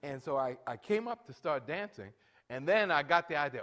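A man in his late sixties preaching a sermon, telling family stories and directing the band and congregation, his voice rising loud for emphasis. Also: a little high, animated, moderate pace. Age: 60s. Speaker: pastor.

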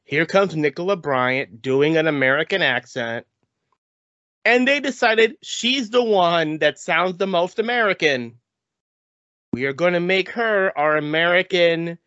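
A man's voice: a little high, pushed and bright, no echo. A man co-hosting a podcast, chatting casually and explaining background details. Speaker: podcast co-host. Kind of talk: casual chat. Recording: dull lo-fi sound.

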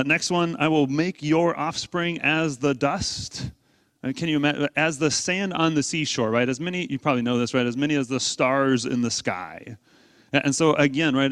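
A man's voice: on the high side, fairly bright tone, no echo. Conversational preacher man, dry close sound. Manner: conversational, many fillers and restarts, asks "right?". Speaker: pastor. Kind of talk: sermon.

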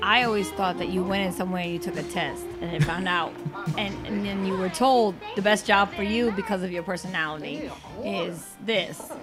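A woman's voice: mid-range voice, normal speed. A woman chatting casually during a film, teasing and blunt, laughing often. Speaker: co-host reacting to a film. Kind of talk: casual reaction chat. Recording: film music playing behind.

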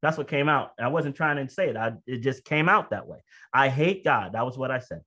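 A man preaching a sermon in a conversational way, telling a personal story. He moves between quick asides and slow, emphatic phrases, and his voice jumps high and loud when he relives strong feelings. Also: lively intonation. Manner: rises to loud high-pitched outbursts when reenacting emotion.

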